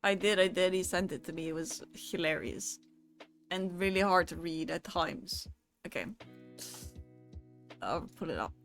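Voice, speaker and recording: A woman's voice: fairly low pitch, lively intonation, a bit bright, faint music behind. A young woman streamer chatting casually and reading viewer messages aloud, swearing freely in a loose, joking way. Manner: casual, profane, quick to laugh.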